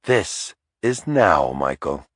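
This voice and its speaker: A man's voice: fairly low pitch, sing-song, moderate pace, dry recording, studio quality, voice pushed up. A man doing a teasing, playful young woman.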